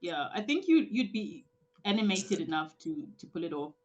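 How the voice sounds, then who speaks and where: A woman's voice: mid-range voice, sing-song, normal speed, slight background noise. A woman from Zimbabwe, a guest author, chatting cheerfully in an online interview over a video call. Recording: dull lo-fi video call audio.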